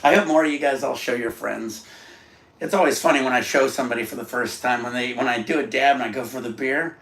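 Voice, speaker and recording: A man's voice: medium pitch, fast, a bit bright. A man hosting a casual home livestream, rambling in a laid-back way and swearing now and then. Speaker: livestream host. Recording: echoey room, faint background noise.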